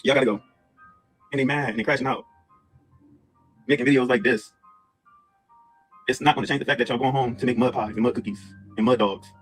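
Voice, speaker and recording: A man's voice: mid-range voice, steady tone, a little fast, pauses often, soft background music. A man ranting angrily in a video, mocking and firing off repeated rhetorical questions. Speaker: commentator in a played clip. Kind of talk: angry rant video.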